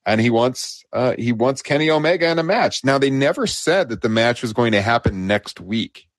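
A man's voice: expressive, normal speed, dry recording. A man co-hosting a wrestling podcast, recapping a show in casual chat and laughing often. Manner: laughs often, quotes wrestlers with lifted pitch. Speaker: podcast co-host.

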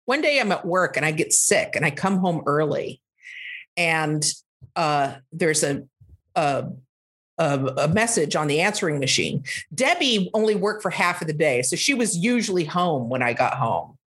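A woman's voice: deep voice, very animated, normal speed, a bit bright, slightly rough. A woman telling a casual comic anecdote on a podcast, rambling with lots of fillers and restarts, and acting out quotes with animation. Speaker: comedy podcast guest.

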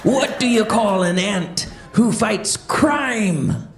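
For a children's stand-up podcast, a woman voices a jolly male pirate comedian, using growly pirate talk in a joking mood. Her medium-pitched voice is expressive and slow-paced, heard with roomy echo.

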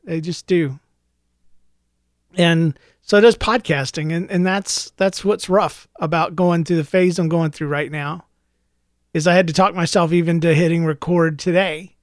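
A middle-aged man hosting a solo podcast, mock-ranting tongue in cheek in a low-key, unhurried way. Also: steady tone, no room sound, clean studio sound. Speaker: podcast host.

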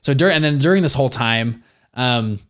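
A young adult man, an entrepreneur guest in an interview, telling stories in a slangy, animated way with many fillers. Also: medium pitch, normal speed. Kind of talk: casual interview storytelling.

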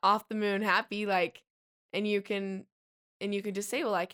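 A teenage girl chatting casually on a podcast. Her voice is smooth and clear, and she talks in a relaxed, slangy way. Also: medium pitch, moderate pace. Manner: laid-back, slangy, laughs easily. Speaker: guest.

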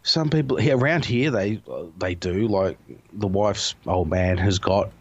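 A man's voice: on the low side, a little slow, muffled recording. A man in casual chat, a rambling, profane storyteller who laughs often. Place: home.

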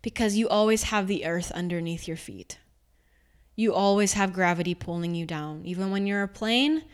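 A young woman hosting a reflective spiritual coaching talk, calm and guiding, slowing into a soft meditative voice for a grounding exercise. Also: mid-range voice, clear, resonant tone.

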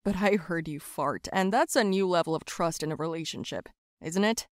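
A woman voicing a shy, gentle young man who loves plants, speaking softly and calmly. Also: on the low side, normal speed, dry recording, clean studio sound, natural voice. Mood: teasing.

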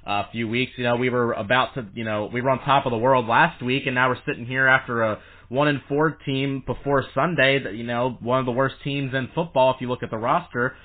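A man's voice: mid-range voice, steady tone, fairly quick. A man hosting a sports podcast, chatting casually with fillers and plugging the show. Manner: chatty, promotional, with frequent fillers. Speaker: podcast host. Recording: tinny phone-line sound.

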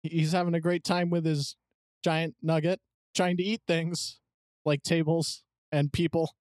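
A man's voice: a little high, level tone, measured pace, a little mellow, dry recording, clean studio sound. A man playing a tabletop game, laid-back and a little stammering. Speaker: player. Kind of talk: casual chat.

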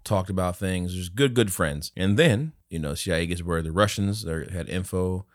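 A man co-hosting a podcast in casual chat, an animated storyteller who swears a lot. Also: low-pitched, normal speed, no room sound, clean studio sound. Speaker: podcast co-host. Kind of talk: casual movie review chat.

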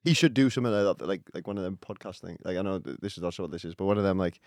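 Male podcast guest, lower voice, rapid rambling chat with fillers, dry close mic. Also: a little mellow, no room sound. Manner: rambling, self-deprecating, many fillers and restarts. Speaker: podcast guest, singer-songwriter. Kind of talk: casual chat.

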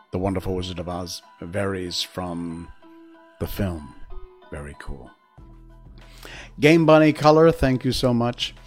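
Slow-reading low-voiced male streamer. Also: darkish tone. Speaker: streamer reading a book aloud. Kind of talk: storybook narration and casual stream chat.

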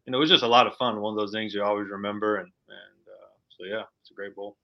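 A man's voice: fairly low pitch, fairly even intonation, fast, highs cut off. A man, a football coach, answering interview questions casually with lots of fillers.

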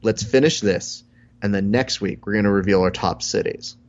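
A man's voice: lowish voice, normal speed, dull audio. A man co-hosting a podcast in casual comedic chat, with dry, playful banter. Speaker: podcast co-host.

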